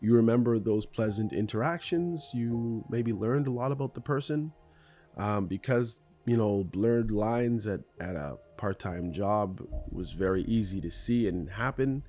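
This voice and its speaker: A man's voice: on the low side, unhurried, a little mellow, soft background music. A man hosting a solo podcast, talking in a rambling, conversational and self-deprecating way in his morning voice. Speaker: podcast host.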